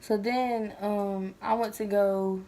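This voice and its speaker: A woman's voice: mid-range voice, steady tone, takes it slowly, dark tone, a little hiss or hum. A woman vlogging at home, telling a personal story in casual chat, rambling with lots of fillers.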